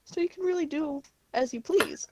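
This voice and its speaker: A woman's voice: high voice, normal speed, slight background noise. A woman from Illinois co-hosting a casual world-building chat, easygoing and full of "like". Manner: easygoing, laughs along, filler "like". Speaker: podcast co-host.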